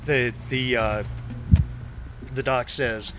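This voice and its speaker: A man narrating a tabletop game as game master, casual and halting. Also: medium pitch, background noise. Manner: casual, halting with many fillers.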